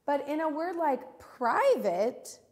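A woman teaching an online reading lesson for young children, encouraging and repeating each word slowly. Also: sits high, big pitch swings, a little mellow.

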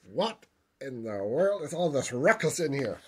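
A woman voicing a stern, dismissive male priest who runs a school, with a husky voice, in a plush toy drama. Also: extremely low pitch, sing-song, a little slow, full character voice. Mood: annoyed. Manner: scolding, stern.

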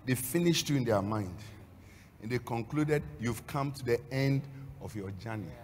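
A man preaching a sermon as a pastor, swinging between storytelling and loud, half-sung, shouted exhortation. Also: mid-range voice, expressive, moderate pace. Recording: long hall reverb.

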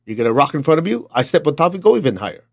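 A man's voice: on the high side, very animated, racing, creaky. A middle-aged man with a Chinese accent giving a blunt, emphatic motivational talk to his students. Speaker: motivational teacher.

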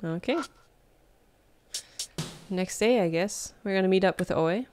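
A woman's voice: medium pitch, unhurried, a little mellow, clear, resonant tone. A woman streamer reading a visual novel aloud and chatting casually with laughs between the lines. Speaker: let's play streamer. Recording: game music playing behind.

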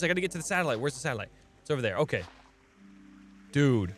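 Young male let's-play host, excitable and chatty, pitch leaping all over, faint music underneath. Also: quick pace, pauses often. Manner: excitable, talks to viewers, yelps and laughs at surprises. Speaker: gaming channel host.

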